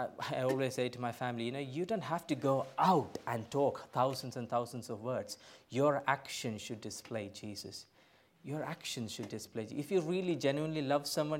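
A middle-aged man, a pastor, preaching a sermon in a church, emphatic, swinging from loud bursts to quiet asides. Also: mid-range voice, animated, moderate pace. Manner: emphatic, rising to loud bursts then dropping soft.

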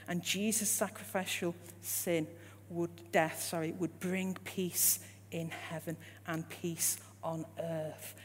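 A lowish, darkish-toned woman preaches to a congregation in a church hall, hammering her points through repetition and rising rhetorical questions. Long hall reverb and a faint hum fill the recording.

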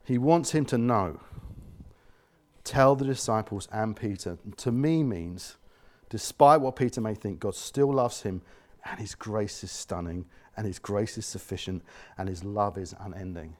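A male pastor giving an earnest sermon, dropping to quiet tones and rising loud, often acting out the voices he quotes. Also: lowish voice, a little slow.

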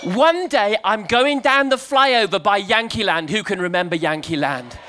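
A playful man preaches to a crowd and tells his stories with big energy. His voice sits high and sounds bright and forceful. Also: normal speed, hardly any pauses, slight background noise. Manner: animated, playful, leads the audience in shouting. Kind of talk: lively storytelling sermon to a crowd.

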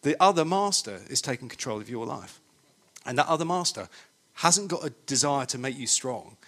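A man's voice: medium pitch, lively intonation, normal speed, fairly bright tone. A man preaching a sermon, emphatic and conversational, often repeating his points. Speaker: pastor.

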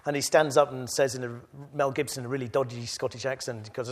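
A man delivering a sermon in a medium voice, speaking gently and thoughtfully in one stretch, then urging his listeners on with rising force. He addresses a church gathering directly. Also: medium pitch, steady tone, quick pace, hardly any pauses. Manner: swings from quiet reflection to loud exhortation. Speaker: preacher.

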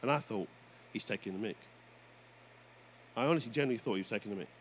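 A man preaching a sermon as pastor, telling stories with lively energy and calling out to the congregation. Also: on the low side, fast talker. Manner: animated storytelling preacher, often addressing "folks". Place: church. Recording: faint background noise.

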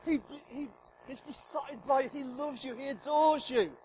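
A middle-aged man preaching in a church hall, his voice unusually high for a man. He jokes with the congregation and swings between loud emphatic declarations and soft whispers. A faint hum of room noise sits behind him. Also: normal speed. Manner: humorous, emphatic, acts out God's voice. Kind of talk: sermon.

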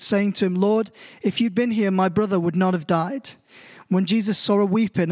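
A man with a British accent preaching a sermon in a church, reading scripture slowly and then telling stories with growing animation. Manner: slow, deliberate scripture reading; storytelling, rising in pitch as he grows animated. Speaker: pastor. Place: church hall.

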